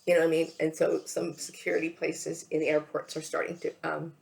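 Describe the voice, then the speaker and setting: A tearful woman speaks to camera in a personal vlog. Her voice sits very low and crackles with vocal fry. She talks haltingly, doubling back on her words and checking in with an "okay" as she goes. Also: little pitch movement. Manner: halting, repeats words, often says okay. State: tearful, emotional. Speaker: vlogger. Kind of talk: emotional personal monologue to camera.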